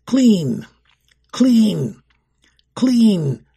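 A man voicing a cruel female orphanage guard who barks harsh orders in a raised, shrill voice, in a storybook reading. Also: very animated, very slow, vocal fry, dark tone, slightly rough, heavily acted. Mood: barking, cruel.

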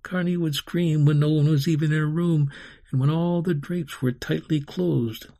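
A man reading a story aloud as scripted narration, slow and dramatic. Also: a little high, steady tone, mellow. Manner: slow, dramatic storytelling with sung-out carnival sounds.

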